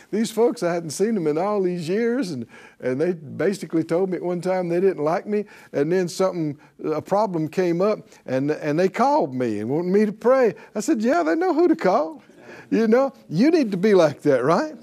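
A middle-aged man preaches in a relaxed, storytelling way. His voice sits a little high but sounds mellow and soft-edged. He laughs often and slips into lively voices when quoting others. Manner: chatty, laughing, acts out quoted voices. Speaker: pastor teaching a faith class. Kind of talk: folksy sermon teaching.

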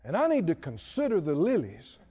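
A man preaching a sermon with animated delivery, repeating phrases and quoting scripture. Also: fairly high pitch, brisk, husky, dull audio. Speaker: pastor.

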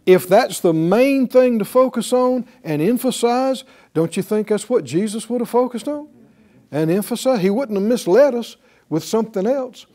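A man's voice: high voice, animated, moderate pace, warm tone. A man teaching a Bible class, talking conversationally and putting rhetorical questions to his listeners.

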